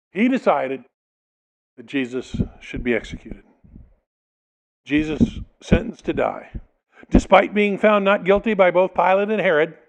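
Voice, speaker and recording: Captured on a low-quality recording, a male pastor whose voice is a little high reads a passage of scripture and then explains it, occasionally acting out the voices of the people in the text.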